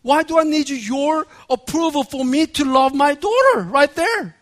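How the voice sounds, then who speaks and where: A man, preaching a sermon as a pastor, telling a personal story with laughter and building to shouted emphasis. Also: very high voice, expressive, measured pace. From Korea.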